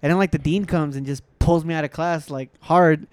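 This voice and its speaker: A man's voice: on the high side, steady tone, a little fast, a little mellow, clean tone, dry recording. A young man in casual chat, telling rambling stories and acting out what people said. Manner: rambling storyteller who acts out quotes.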